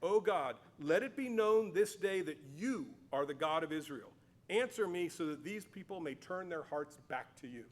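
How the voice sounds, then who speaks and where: A man's voice: a little high, animated, moderate pace, lightly acted. A man quoting Elijah, a commanding old prophet. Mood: fervent prayer. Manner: insistent, commanding orders.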